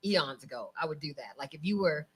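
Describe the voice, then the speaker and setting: Female podcast co-host from Vegas, lowish voice, chatty and expressive. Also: brisk, crowd noise. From Las Vegas. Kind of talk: casual interview chat.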